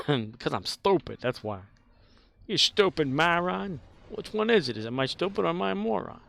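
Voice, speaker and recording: Male game streamer, rambling self-mocking chat, gravelly voice. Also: high-pitched, sing-song, moderate pace, a bit bright. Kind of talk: casual gaming commentary.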